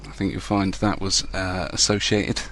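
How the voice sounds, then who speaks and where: A man's voice: low voice, flat delivery, moderate pace, fairly bright tone, a little hiss or hum. A man hosting a casual podcast, chatty and loose, swearing now and then. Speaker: podcast host.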